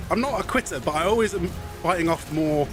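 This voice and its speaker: A man's voice: high-pitched, moderate pace, over music. A man streaming a video game, chatting in a rambling way and often laughing. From half Scottish. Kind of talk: live game stream commentary.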